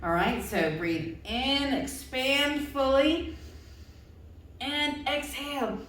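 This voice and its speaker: A woman's voice: high-pitched, takes it slowly, fairly bright tone. A woman leading a yoga routine for children and their adults, cheerful and encouraging, coaxing them along with questions. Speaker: kids' yoga instructor. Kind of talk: guided yoga instruction for children. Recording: very echoey room, far from mic.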